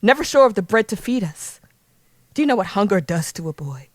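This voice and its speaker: A bitter, proud young sailor of humble birth speaks in a heavy, lowered voice, grave and resentful, as a woman puts him on. He sounds weighed down by grievance. The recording is close and dry, with no room sound. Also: big pitch swings, brisk, dry recording, close to an everyday voice. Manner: grave, resentful speech read from notes.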